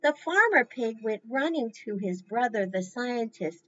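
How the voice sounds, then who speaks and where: Animated woman leading a children's storytime. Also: on the high side, husky, dull audio. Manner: encouraging, slow, animated. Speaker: library storytime presenter.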